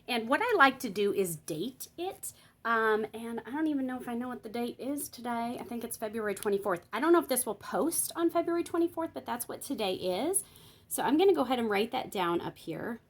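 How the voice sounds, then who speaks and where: A woman's voice: fairly high pitch, animated, a little fast. A woman giving a casual tutorial on Bible journaling, chatting and thinking aloud while she works, explaining each step and checking in with her viewers.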